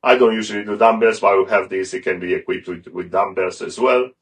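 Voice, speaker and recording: A man's voice: on the low side, quick pace. A middle-aged man talking casually as an interview guest, rambling and restarting his sentences often. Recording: a bit far from the mic.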